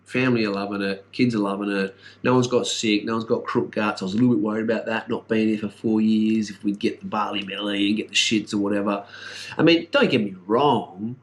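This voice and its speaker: Australian man, middle-aged, low-pitched, blunt and sweary, rambling vlog chat. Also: brisk. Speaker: vlogger. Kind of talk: casual rambling vlog update.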